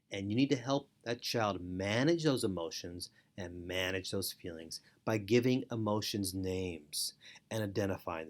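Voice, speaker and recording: A middle-aged man teaching parents in an earnest instructional talk, repeating key phrases for emphasis. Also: on the low side. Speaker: foster parent and parenting educator.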